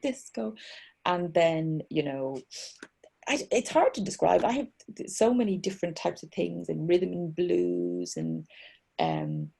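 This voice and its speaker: Middle-aged woman, lower pitch, mellow and slightly raspy, rambling chat guest on a video call. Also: very animated, unhurried. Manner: chatty, self-mocking, rambling with restarts. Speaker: author guest. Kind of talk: casual chat.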